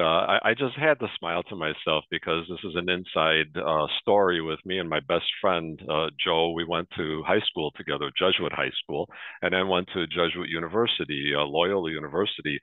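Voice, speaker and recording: A man's voice: low voice, dry recording. A man in his sixties hosting a webinar interview, leading the talk with friendly personal stories. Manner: warm anecdotal, leading the discussion. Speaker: webinar host. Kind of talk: conversational interview. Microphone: video call. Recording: dry, phone-like narrow sound.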